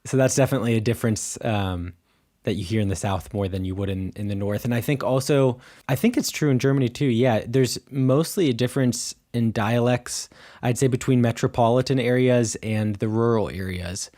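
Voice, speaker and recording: A man's voice: mid-range voice, a little fast, warm tone. An American man co-hosting a podcast in casual chat, rambling loosely with lots of "like" and "um" fillers. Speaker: podcast co-host.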